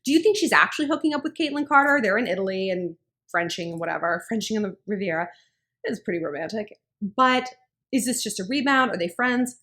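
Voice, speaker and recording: A woman in her thirties talking to camera about relationships, candid and blunt, with profanity and animated emphasis. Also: medium pitch, brisk. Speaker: relationship advice vlogger. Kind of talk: casual talk to camera.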